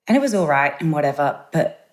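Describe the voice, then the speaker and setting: A woman in her thirties with an Australian accent, telling a lively story as a podcast guest and acting out the voices of the people in it. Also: low-pitched, fast talker. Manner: animated storyteller, acts out quoted voices. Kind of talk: casual anecdote.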